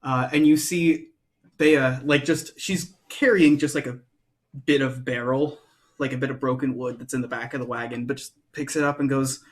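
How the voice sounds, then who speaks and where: A man's voice: medium pitch, fairly even intonation, normal speed. A man narrating as game master in a tabletop game, rambling loosely with lots of fillers.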